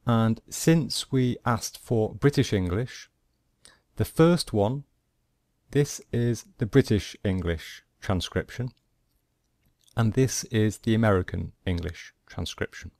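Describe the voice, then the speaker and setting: A man teaching a pronunciation lesson over a screen recording, explaining slowly and step by step. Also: fairly low pitch, darkish tone, dry recording, clean studio sound. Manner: slow, deliberate, explaining step by step. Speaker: language teacher.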